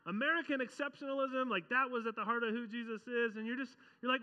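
A man with a high, bright voice gives a casual, animated sermon, slipping into quoted voices as he goes. The sound is dull and lo-fi, with a long reverb trailing each phrase. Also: quick pace. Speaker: pastor.

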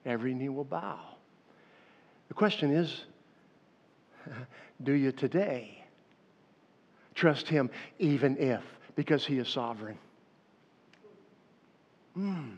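A man's voice: medium pitch, takes it slowly, long pauses, husky. A man in his fifties preaching a sermon, telling stories animatedly and talking directly to his congregation. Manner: animated storytelling, addressing the congregation. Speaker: pastor. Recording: echoey hall, dull lo-fi sound.

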